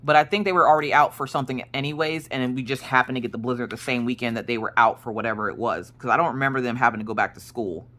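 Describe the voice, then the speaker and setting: A woman's voice: extremely low pitch, rapid-fire, few pauses, a bit bright. A woman in her thirties chatting casually while she crafts. She rambles and often corrects herself mid-sentence. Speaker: crafting streamer.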